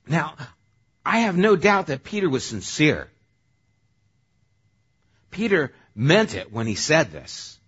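Husky-voiced man preaching a sermon. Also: fairly high pitch, slow, long pauses, dull audio. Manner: conversational, animated preaching. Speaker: pastor.

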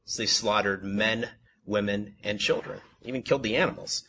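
A man reads scripture and then comments on it, his voice bright and clear. He talks at middle pitch and often stammers and restarts. A faint noise sits behind him. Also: moderate pace. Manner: reads plainly, self-corrects, stammers with fillers. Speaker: Bible teacher. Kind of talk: Bible reading and commentary.

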